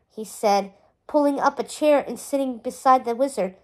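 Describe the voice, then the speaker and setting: A woman's voice: sits high, moderate pace. A woman reading a chapter book aloud, narrating expressively. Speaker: storybook reader.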